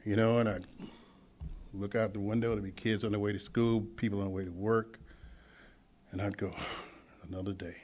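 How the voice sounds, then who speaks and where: A man speaking at a recovery meeting, telling his own story and acting out the dialogue, swinging from hushed to loud. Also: fairly low pitch, level tone, normal speed, long pauses. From Los Angeles. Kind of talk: personal testimony at a meeting.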